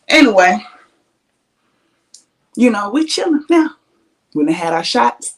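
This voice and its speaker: A woman hosting a podcast, telling a story in a casual, animated and profane way, laughing often. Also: medium pitch, measured pace, long pauses. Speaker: podcast host.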